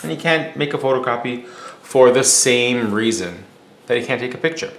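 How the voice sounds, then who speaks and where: Speaking at a normal speed with an animated, medium-pitched voice, a male teacher uses a story to teach. His manner is casual and explanatory, marked by fillers and restarts, in an echoey room with a faint hum.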